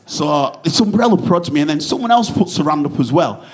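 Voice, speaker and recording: On stage, a young Yorkshire man does a stand-up set, swearing freely and rambling through anecdotes packed with asides. He has a high voice and a Yorkshire, England accent.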